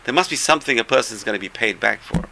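A man giving a storytelling Torah talk, animated, swinging between loud bursts and soft asides, with a gravelly voice. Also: medium pitch, quick pace, a little hiss or hum.

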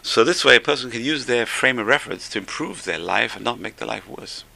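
A man's voice: mid-range voice, expressive, fairly quick, creaky, pushed and bright, a little hiss or hum. A man who seems to be a rabbi, giving an informal religious talk full of stories. He is chatty, repeats his phrases and chuckles between points.

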